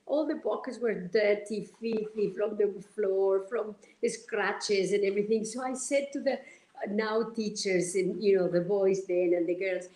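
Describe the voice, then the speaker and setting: A woman from Argentina, telling stories as an interview guest in an animated, halting way with many fillers. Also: medium pitch, roomy sound, poor audio. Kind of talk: storytelling in an interview.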